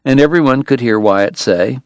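A man narrating a western novel in a measured, even storytelling manner. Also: mid-range voice, no room sound. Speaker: audiobook narrator. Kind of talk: scripted narration.

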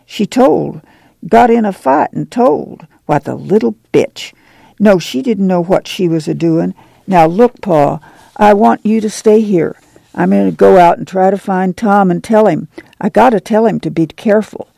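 Man doing a weary migrant mother, firm, gravelly, mellow, dry close sound. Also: sits high, measured pace, no echo, exaggerated voice.

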